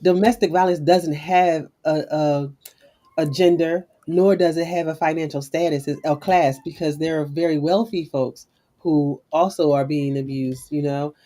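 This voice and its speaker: Mellow-voiced woman co-host. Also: low voice, steady tone, a little slow. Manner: thoughtful, restarts sentences while building a point. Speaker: podcast co-host. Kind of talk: conversational interview.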